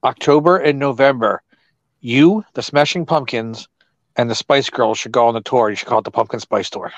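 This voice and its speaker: A man's voice: mid-range voice, no room sound. Joking man with a dull lo-fi sound. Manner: joking, wry, quick with puns. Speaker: podcast co-host. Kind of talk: casual chat.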